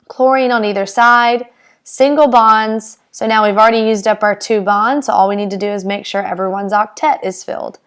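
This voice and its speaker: A woman chemistry teacher sums up each problem briskly and in plain words. Her voice is smooth and resonant. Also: fairly high pitch. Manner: brisk, summarizing, plainly spoken. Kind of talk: explaining with drawings.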